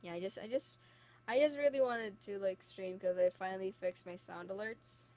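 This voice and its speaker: A young woman streaming a game, chatting casually and reading its dialogue aloud on a low-quality mic. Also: moderate pace, mellow, dull audio. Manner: chatty, full of "like" and restarts.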